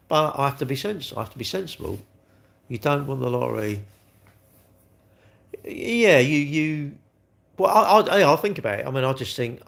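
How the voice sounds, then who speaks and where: A man, chatting casually on a live stream, rambling and blunt as he answers comments. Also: lowish voice. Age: 60s.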